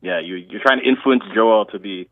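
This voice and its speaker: Toronto dude calling in, low voice, rambly and slangy, tinny phone sound. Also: male voice, moderate pace, no echo. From Toronto, Canada. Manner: rambling, loose slangy talk with many restarts. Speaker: caller. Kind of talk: casual phone-in chat.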